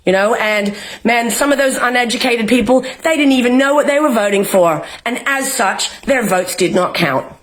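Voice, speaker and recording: A woman's voice: a little high, moderate pace, hardly any pauses. A young Australian woman vlogging from home, ranting with passion and swearing often. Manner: fiery, swearing, emotional, rallying. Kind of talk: impassioned political rant to camera. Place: home, in isolation.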